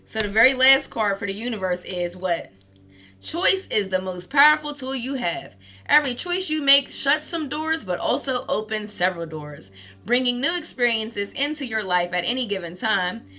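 A woman's voice: on the high side, animated, moderate pace, sharp tone, faint music behind. A woman giving a casual tarot reading, candid and profane, laughing often as she talks. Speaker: tarot reader.

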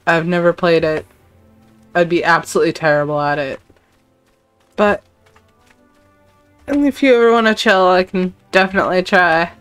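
A woman's voice: fairly low pitch, normal speed, pauses often, clear, resonant tone, faint music behind. A woman VTuber chatting casually while playing a game, laughing often and commenting as she goes. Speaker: VTuber streamer. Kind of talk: casual gameplay stream chat.

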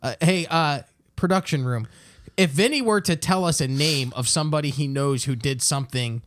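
A man's voice: a little high, normal speed. Teasing male podcast co-host. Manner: teasing, playful questioner. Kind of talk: casual podcast banter.

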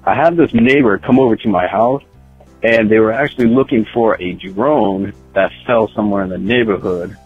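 A low, husky male voice comes through a tinny phone line as he leaves a rambling voicemail. He hesitates often with ums and uhs, and faint music sits behind him. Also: moderate pace. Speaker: caller leaving a voicemail.

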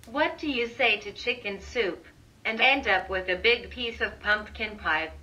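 A woman's voice: mid-range voice, a little slow, pushed and bright, far from the mic, pitched below the performer's own voice, poor audio. A woman voicing a generous, eager young boy in a storybook reading.

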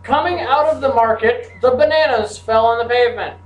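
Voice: medium pitch, a little fast. A teacher leads a class through a grammar lesson and slips in playful, joking asides. The voice rings around a roomy classroom and is picked up from a distance. A faint hum sits underneath.

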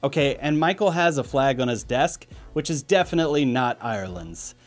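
A man's voice: mid-range voice, animated, normal speed. A man hosting a casual vlog in an easy mid-range voice. He rambles and pokes fun at himself as he goes. Faint music sits under his talk. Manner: chatty, rambling, self-deprecating. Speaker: video host.

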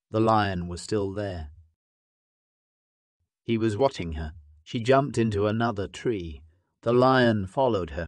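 Low-voiced guy reading a kids story slow and careful, dry close sound. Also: no room sound. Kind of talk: scripted narration of a graded reader.

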